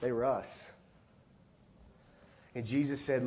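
A man's voice: expressive, normal speed. Dramatic, swinging preacher man. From Texas, USA. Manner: dramatic swings from loud and high to quiet and low, acting out dialogue. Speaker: pastor. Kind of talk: sermon.

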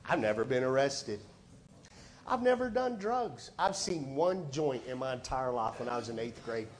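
Emphatic preacher swinging loud to soft. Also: male voice, mid-range voice, animated, normal speed, a little hiss or hum. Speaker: pastor. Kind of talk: sermon.

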